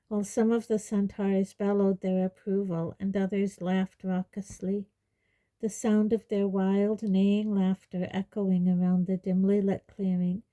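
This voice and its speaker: A woman reading a fantasy novel aloud in a measured audiobook narration. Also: medium pitch, dark tone, rough recording. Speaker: reader.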